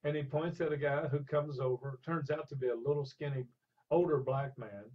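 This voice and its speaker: A man's voice: on the high side, moderate pace, slightly rough. An older man animatedly telling stories in an interview, acting out the people in his anecdotes. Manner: animated storyteller, acts out voices in anecdotes. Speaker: interview guest. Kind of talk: storytelling in a conversational interview. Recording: dull lo-fi sound.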